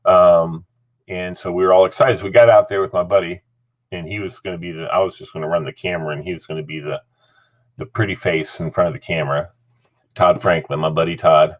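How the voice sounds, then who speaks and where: A man's voice: deep voice, a little fast, muffled recording. A middle-aged man hosting a casual chat, telling a story with lots of laughter and acted-out voices. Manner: animated, laughing, acts out voices. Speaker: host.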